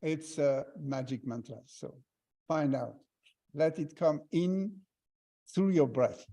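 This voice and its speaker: A man teaching a guided breathing meditation, giving calm step-by-step instructions with long pauses. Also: a little high.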